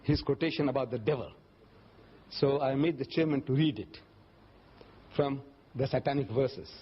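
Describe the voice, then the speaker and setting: Captured in a dull, lo-fi lecture recording, an older man gives a religious talk and fields questions from the audience. His slightly rough voice moves at a moderate pace, and his storytelling is lively, with frequent jumps in pitch as he performs the voices he quotes.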